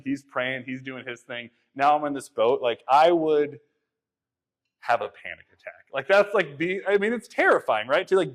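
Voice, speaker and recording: A young man preaching a conversational sermon, retelling a story in a casual, animated way with many fillers. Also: fairly high pitch. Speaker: pastor.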